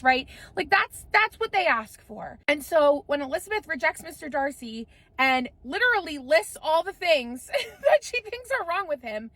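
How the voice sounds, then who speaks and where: A young woman chatting excitedly to her viewers, her voice sitting a little high. She gushes and jokes in a loose, casual way and drops the odd swear word without a second thought. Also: moderate pace. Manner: gushing, playful, swears casually. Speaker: content creator. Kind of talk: casual chat.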